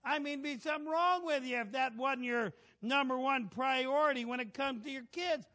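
A middle-aged man preaching a folksy, animated sermon, asking the congregation for amens. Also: extremely high pitch, moderate pace.

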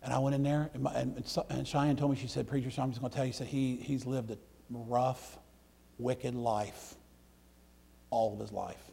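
A middle-aged man, a preacher telling folksy stories in a sermon, swinging between loud outbursts and hushed, near-whispered passages. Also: mid-range voice, steady tone, moderate pace, gravelly, husky. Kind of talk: storytelling sermon.

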